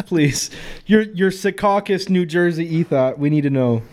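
A man's voice: fairly high pitch, a little slow, darkish tone. A man co-hosting a casual podcast, joking and laughing along with his friends. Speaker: podcast co-host.

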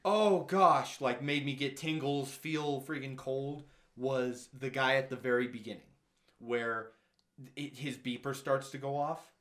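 A man's voice: medium pitch, measured pace, reverberant. A young man chatting casually about a movie, acting out scenes in exaggerated voices. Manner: animated, acts out scenes in exaggerated quoted voices.

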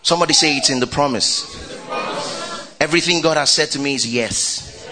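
A man preaching a lively sermon, calling out to the congregation, shouting and laughing as he goes. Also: on the high side, moderate pace, a crowd in the background. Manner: exuberant preaching, shouting and laughing, call and response. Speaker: pastor.

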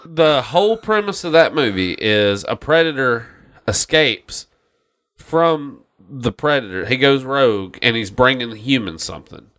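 A man's voice: medium pitch, animated, unhurried, fairly bright tone. A man on a casual podcast, ranting about a movie with heavy swearing and mocking quotes. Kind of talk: casual chat.

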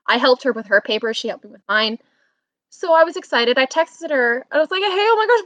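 A young woman in college telling a story over a video call, animated and breaking into loud exclamations. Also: high-pitched, fast talker, no echo. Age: young adult. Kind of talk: casual chat.

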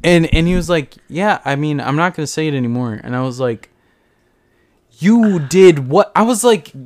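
This is a young man with a notably high-pitched voice, co-hosting a casual talk podcast. He tells a workplace story with a lot of energy, acting out his own lines and other people's as he goes, and he swears freely. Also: expressive, fast. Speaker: podcast co-host. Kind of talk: casual chat.

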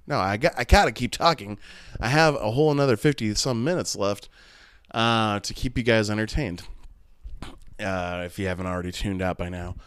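A man's voice: fairly low pitch, moderate pace, fairly bright tone, smooth, no echo. A man in his thirties hosting a casual solo podcast, rambling and candid with plenty of swearing. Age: 30s. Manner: rambling, profane and candid, with many restarts and laughs. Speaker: podcast host.

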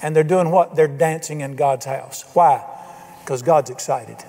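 A man's voice: a little high, measured pace, mellow. An older man preaching a sermon, folksy and emphatic, asking his congregation questions. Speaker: pastor. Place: church sanctuary. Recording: church hall reverb.

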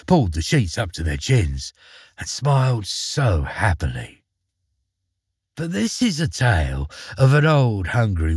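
A man reads a fairy tale aloud, unhurried and dramatic. His husky voice rises and falls widely, and the recording is close and dry. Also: lowish voice, dry recording. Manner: slow, dramatic, expressive. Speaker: storyteller. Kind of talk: storybook reading.

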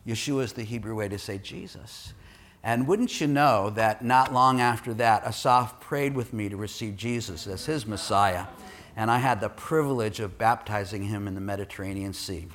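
A man preaching a sermon, emphatic and animated, often asking his listeners questions. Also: medium pitch, a little slow. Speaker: pastor.

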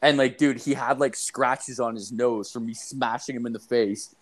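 In a casual chat with a friend, a young man with a mid-range voice tells a story at a moderate pace. It's rambling and profane, packed with fillers and swearing, animated and unpolished.

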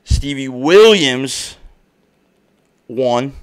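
Smooth-voiced man hosting a profane podcast. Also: medium pitch, expressive, extremely slow. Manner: rambling, heavy swearing, slangy. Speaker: podcast host. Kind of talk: casual profane podcast chat.

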